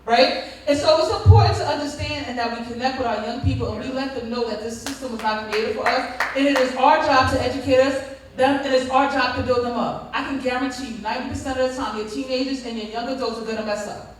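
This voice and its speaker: High-voiced woman preaching to a hall. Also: fairly even intonation, fast talker, a little hiss or hum. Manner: preacher-like storytelling with crowd call-and-response. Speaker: school district leader giving a conference talk. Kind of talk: conference speech. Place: large conference hall. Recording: echoey hall from far off.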